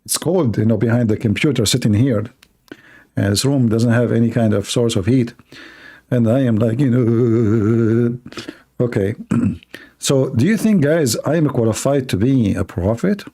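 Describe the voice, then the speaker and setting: A man talks at a very slow, drawn-out pace in a dark, mellow voice. He hosts a live stream from a cold room at his computer, mocking what he reads with sarcastic asides and laughter. His voice is tired after hours of talking. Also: medium pitch.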